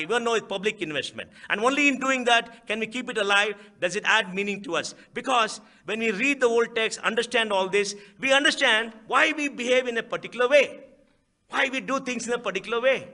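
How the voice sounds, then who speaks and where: A middle-aged man with an Indian English accent speaks at a lecture hall, his voice sitting high for a man and sounding sharp and forceful. He drives his points home with rhetorical questions and repeats key phrases for emphasis. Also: fairly quick. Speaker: guest speaker. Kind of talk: public speech.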